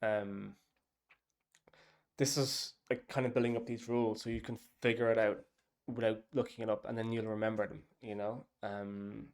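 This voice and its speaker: A man's voice: on the low side, flat delivery, normal speed. A man, casually talking through his app's design and thinking aloud with lots of fillers. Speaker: app developer. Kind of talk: casual dev log talk.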